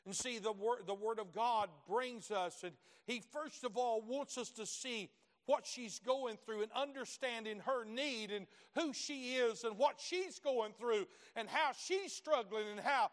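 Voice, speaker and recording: A middle-aged man, preaching a sermon in folksy storytelling fashion, dropping to low asides and then climbing to loud shouted peaks. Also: a little slow. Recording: long hall reverb.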